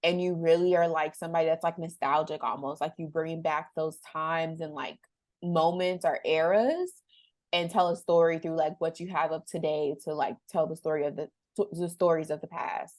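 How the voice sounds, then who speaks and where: A young woman hosts a casual conversation, rambling a little and reaching for words between fillers. Her voice sits somewhat low, and the recording is close and dry. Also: fairly even intonation, normal speed, a little mellow, dry recording. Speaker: podcast host. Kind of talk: casual interview chat.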